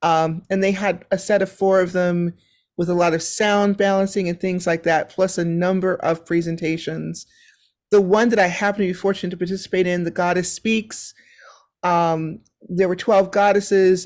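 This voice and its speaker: A woman's voice: lowish voice, steady tone, normal speed, darkish tone. A woman speaking as a panelist on a video call, chatty and rambling, with frequent ums. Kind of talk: casual conversational sharing on a video call panel. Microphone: video call microphone.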